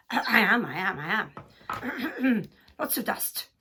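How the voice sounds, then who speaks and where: A woman voicing a fussy black hen who coughs and blames the dust, croaky with high squawks. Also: lively intonation, slow, pushed and bright, slight background noise, full character voice. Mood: croaky excuse.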